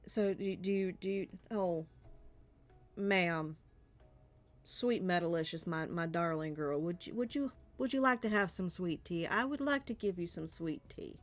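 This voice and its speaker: A woman's voice: on the low side, lively intonation, unhurried, faint music behind. A woman voicing a doting Southern belle hostess with a thick Southern US drawl and syrupy endearments. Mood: sugary.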